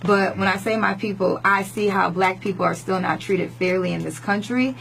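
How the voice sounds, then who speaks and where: A woman's voice: medium pitch, normal speed, gravelly, fairly bright tone, slight background noise, rough recording. A woman radio host speaking earnestly and from the heart to a guest on air, often repeating herself. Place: radio studio.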